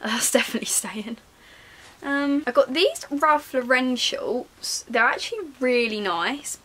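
A young woman, a lifestyle vlogger chatting casually to herself. She rambles and mocks herself, giggles, and swings between loud remarks and half-whispered asides. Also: fairly high pitch. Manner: rambling, self-mocking, giggly, talking to herself.

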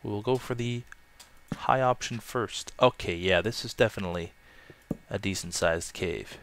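A man casually commenting on his own gameplay, chatty and self-mocking, with loud excited outbursts. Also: low-pitched, moderate pace, background noise. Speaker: let's play gamer.

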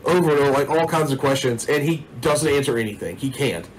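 A man's voice: mid-range voice, quick pace, slight background noise, low-quality recording. A man narrating a tabletop role-playing game as game master, in a casual, rambling way with many fillers.

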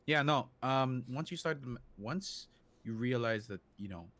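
A man's voice: medium pitch, normal speed, faint music behind. Man chatting, acting out his thoughts. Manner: animated, acts out his own inner voice for jokes. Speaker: co-host. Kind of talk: casual podcast chat.

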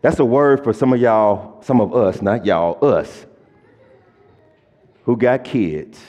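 A middle-aged man, a pastor preaching a sermon and swinging between quiet, low passages and loud, emphatic lists. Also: expressive, slow. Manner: preaching with rising and falling intensity, stressing word lists. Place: church sanctuary. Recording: long church hall reverb.

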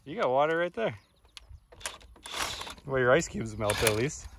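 A man's voice: mid-range voice, lively intonation, measured pace, gravelly. A man hosting a casual vlog outdoors, laughing and teasing his friend while they work on a truck. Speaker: host of an off-road vehicle channel. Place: outdoors at a rural property. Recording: outdoor noise with vehicle sounds.

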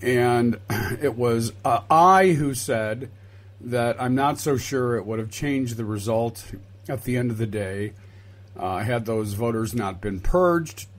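Male co-host, mid-pitched, deliberate and wry, halting delivery, casual political banter. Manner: deliberate, wry, mock-exasperated, halting with many uhs.

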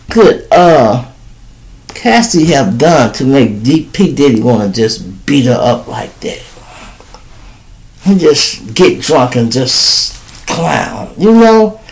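A man's voice: fairly high pitch, low-quality recording. A man from Chicago hosting a podcast, giving casual, profane commentary and acting out quoted people in raised voices. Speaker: podcast host.

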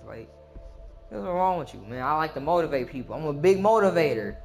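A young man, spinning a rambling comic tale in a relaxed, slangy voice that sits a little high for a man. He breaks up his sentences with "bro" and keeps talking himself up louder and higher, while faint music plays underneath. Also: brisk. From Gulfport, Mississippi, US South. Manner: hypes himself up, voice climbing loud and high. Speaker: storyteller. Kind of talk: casual comic storytelling monologue.

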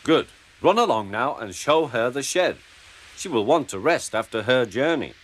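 A man's voice: medium pitch, expressive, moderate pace, slight background noise, lightly acted. A man doing a pompous railway boss. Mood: formal. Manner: formal, stately, commanding. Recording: music playing underneath.

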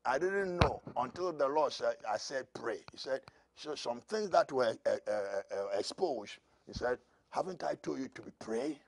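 A man preaching a prophetic sermon as pastor, dropping to a murmur and then rising to loud shouts, with laughs between lines. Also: mid-range voice, lively intonation, normal speed, a little hiss or hum.

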